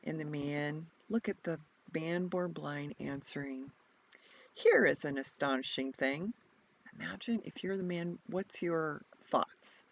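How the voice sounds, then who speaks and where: A woman's voice: sits low, gravelly, highs cut off. A woman guiding an imaginative Bible contemplation, asking reflective questions and sometimes dropping to a whisper. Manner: slow, reflective, prompting questions, at times whispered. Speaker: retreat leader guiding contemplation.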